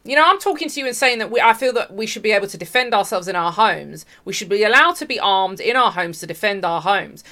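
A woman's voice: medium pitch, animated, fast talker, hardly any pauses, sharp tone. A woman from the UK hosting an online commentary show, speaking emphatically, repeating her points and addressing her viewers directly. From United Kingdom. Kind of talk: opinionated commentary.

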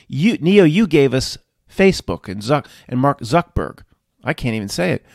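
A man's voice: on the high side, big pitch swings, moderate pace, creaky, no echo, studio quality. A man giving casual video commentary in an earnest, emphatic way, laying out a theory.

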